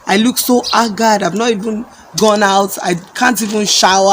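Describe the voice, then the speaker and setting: A woman's voice: mid-range voice, fairly even intonation, moderate pace, few pauses. A middle-aged woman preacher sharing a testimony and praying, fervent and repeating her phrases. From Nigeria. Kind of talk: testimony and prayer. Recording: loud background noise with birdsong.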